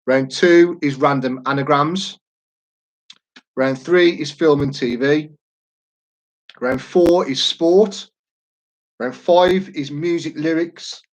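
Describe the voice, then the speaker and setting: A man's voice: fairly high pitch, slow, long pauses, rough recording. A man, hosting a quiz live from home in a chatty, jokey, rambling way. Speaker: quiz host. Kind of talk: casual live-stream chat.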